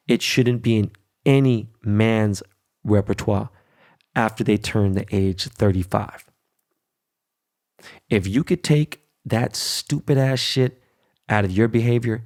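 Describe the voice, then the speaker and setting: A brash middle-aged man talking straight into his own podcast mic. His voice sits low with a gravelly edge, and he talks blunt and profane, leaning on "right?" and "okay?" to drive points home. Casual monologue, no script. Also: darkish tone. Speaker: podcast host.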